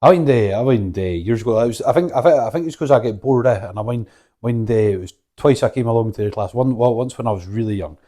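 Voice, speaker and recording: A man's voice: medium pitch, expressive, fast talker, dark tone. A man in his thirties hosting a casual chat, rambling with many restarts and laughing easily. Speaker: podcast host.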